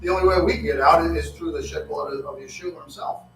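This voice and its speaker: A man preaching a sermon, halting and repeating words, acting out quotes with rising excitement. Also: fairly high pitch, gravelly. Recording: echoey room from far off with faint hum.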